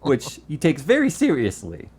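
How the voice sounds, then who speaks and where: A lively American man chatting on a tech podcast, his pitch jumping all over as he tells a story. He laughs easily, throws in swear words, and keeps a loose, joking rhythm. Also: moderate pace, breathy edge. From United States. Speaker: tech show host. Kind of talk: casual podcast chat.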